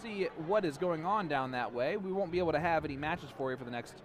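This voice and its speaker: A man commentating live darts, playful and teasing, with quick, chatty banter. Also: a little high, lively intonation, slight background noise. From USA.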